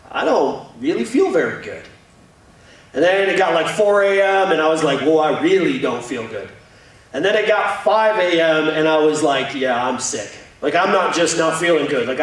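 A young man delivering a sermon, telling a story with jokes and an animated, storytelling manner. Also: high voice. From Indiana. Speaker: pastor. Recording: echoey hall from far off.

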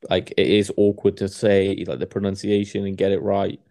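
A man's voice: sits low, completely flat delivery, normal speed, gravelly, dark tone. A man in casual chat, rambling with lots of swearing and stumbling restarts.

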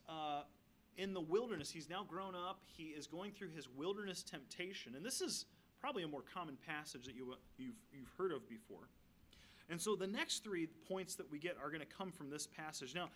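A man's voice: a little high, a bit bright, slight background noise. A man giving a guest sermon, reading scripture aloud and adding casual, humorous asides. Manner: conversational, asides and light humor between readings. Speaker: guest preacher.

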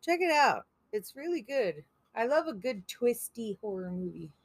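A woman's voice: fairly high pitch, big pitch swings, normal speed, no room sound. A woman co-hosting a podcast in casual chat, playful and foul-mouthed. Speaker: podcast co-host.

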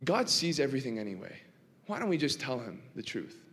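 A man preaching a sermon in a church, swinging from hushed to impassioned and asking the congregation rhetorical questions. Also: mid-range voice, big pitch swings, a little fast. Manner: dramatic, swinging from quiet to impassioned. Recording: long reverb of a large hall.

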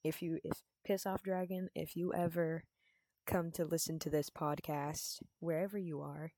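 A woman's voice: low-pitched, steady tone, moderate pace, dark tone, no room sound. A young woman co-hosting a podcast, chatting loosely with swearing and jokes in a studio. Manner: loose, profane, jokey. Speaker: podcast co-host. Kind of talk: casual chat.

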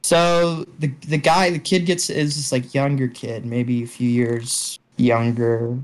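Young dude rambling thru a story on a call, swears constantly, lotta ums. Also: male voice, mid-range voice, level tone, slow pace. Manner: rambling, heavy swearing, many fillers. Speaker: storyteller among friends. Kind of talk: casual chat. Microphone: online call.

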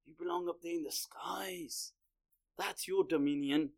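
A proud eagle that presses its point with urgent questions, as a man puts it on in his lecture. The voice sits a bit high and lively, the kind used when a storyteller acts out one character in a spoken tale. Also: measured pace, gravelly. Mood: urging. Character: proud majestic adult eagle, insistent.

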